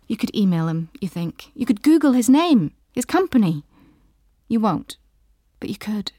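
A woman reading a story in the second person, soft and intimate, sometimes dropping into a whisper. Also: medium pitch, no room sound, studio quality. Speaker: narrator.

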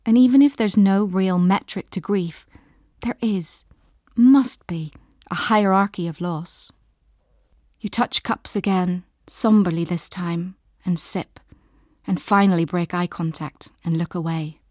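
A woman narrating a literary audiobook in a slow, measured, intimate and soft way. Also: lowish voice, no room sound, clean studio sound.

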